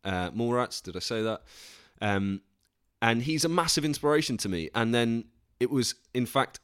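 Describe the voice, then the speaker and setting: A man's voice: mid-range voice, lively intonation, moderate pace, fairly bright tone, clean tone, dry recording, clean studio sound. A young man hosting a solo podcast in a casual, rambling way, restarting often, swearing casually and putting himself down. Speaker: podcast host.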